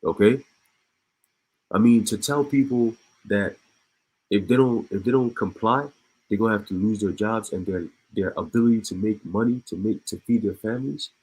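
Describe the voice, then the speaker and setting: Guy reading news and riffing on it, low husky voice, keeps stopping to laugh and restart. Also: moderate pace, darkish tone, rough recording. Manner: reads news aloud and breaks off with laughs and asides; repeats and restarts words. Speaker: online commentator. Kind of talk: casual reading and commentary.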